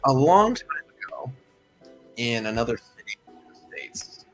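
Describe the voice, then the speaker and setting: A man's voice: medium pitch, big pitch swings, unhurried, faint music behind, low-quality recording. A man hosting a livestream, telling a story in a chatty, rambling way full of asides. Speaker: host.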